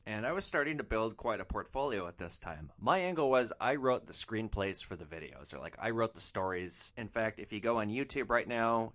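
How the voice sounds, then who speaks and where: A man hosting a podcast, telling rideshare stories in an animated, profane, exasperated way. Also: lowish voice. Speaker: podcast host, rideshare driver. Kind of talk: comic storytelling.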